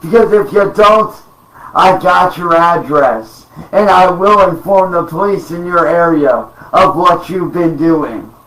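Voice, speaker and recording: A man's voice: a little high, takes it slowly, fairly bright tone, recorded from a distance. A man in an angry, profane rant to camera, threatening and emphatic, recorded at home. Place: home room. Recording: roomy sound, off-mic.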